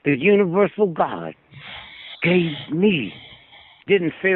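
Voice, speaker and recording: A man's voice: a little high, lively intonation, a little slow, no echo. An older man holding forth as a guest, preaching in long rambling stories and asking his listener for agreement. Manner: preachy, asks "Hmm?" for agreement. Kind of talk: rambling storytelling monologue. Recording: phone-line radio call.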